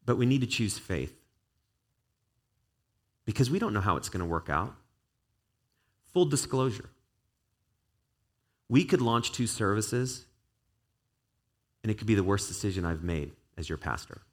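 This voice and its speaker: A pastor with a fairly low voice preaching in an earnest, conversational way. He talks to his church as he would to friends and moves into spoken prayer. His words carry plain encouragement. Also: big pitch swings, a little slow, pauses often. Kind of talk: sermon.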